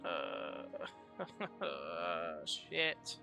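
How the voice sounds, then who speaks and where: A man's voice: low-pitched, huge pitch swings, extremely slow, gravelly, pushed and bright. A man streaming a fantasy game, chatting casually and swearing hard at enemies. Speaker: gaming streamer. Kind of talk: live gameplay commentary. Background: game music.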